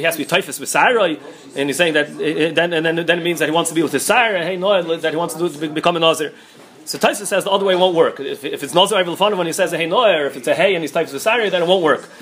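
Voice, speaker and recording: Rapid-fire high-voiced rabbi teaching Talmud. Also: male voice, a bit bright. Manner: rapid, restarts often, mixes Hebrew-Aramaic terms. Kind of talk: quick Talmud study lecture.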